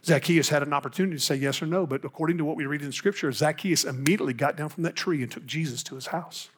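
A man's voice: a little high, fast, husky. A man with a Texan accent, an evangelist preaching and telling a personal story with rising intensity. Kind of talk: sermon storytelling.

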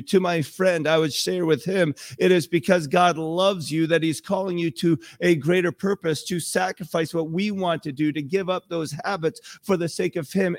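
Male pastor, relaxed sermon delivery, higher-pitched voice, dry close sound. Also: moderate pace, few pauses, dry recording. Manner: conversational, acts out quoted voices.

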